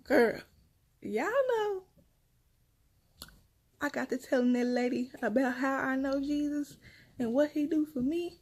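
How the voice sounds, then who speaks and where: A young woman and mother, casually telling her viewers a story in a chatty, animated way and repeating her phrases as she goes. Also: high-pitched, moderate pace. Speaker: mother vlogging about her kids.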